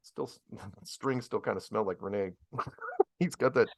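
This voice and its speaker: A man's voice: on the low side, a little slow, gravelly, dry recording, studio quality. A man hosting a casual livestream chat, telling stories in a rambling way with chuckles, restarts and mild swearing. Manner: swears mildly, drawls "man" and "right?". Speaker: host.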